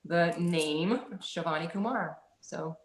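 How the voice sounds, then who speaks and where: A woman's voice: fairly low pitch, takes it slowly. Rambling woman on a roomy video call. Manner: rambling, many "like"s, laughs often. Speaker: guest. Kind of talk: casual spiritual storytelling. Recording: roomy echo.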